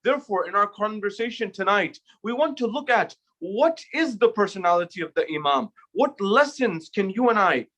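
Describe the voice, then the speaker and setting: High-voiced man preaching a sermon. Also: expressive, a bit bright. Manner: measured preaching with Arabic recitation and rhetorical questions. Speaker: speaker at an Islamic center.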